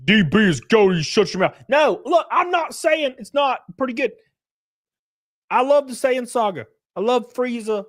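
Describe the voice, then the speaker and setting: A man in his thirties hosting a livestream, ranting loudly and profanely in casual chat, laughing between rants. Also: high-pitched. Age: 30s. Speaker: livestream host.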